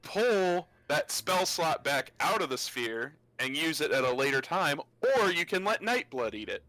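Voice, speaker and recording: Male game master on a stream, higher pitched and bright, with a dry close sound. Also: big pitch swings, measured pace, no room sound, poor audio. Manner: laughing, loose explanations. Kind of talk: narrating a tabletop game.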